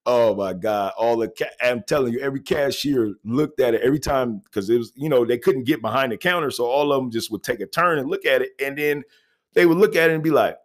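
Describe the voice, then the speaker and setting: A man's voice: medium pitch, fast talker. A man casually telling a personal anecdote in a laid-back, slangy way, often laughing and checking in with "you know what I mean". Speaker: storyteller.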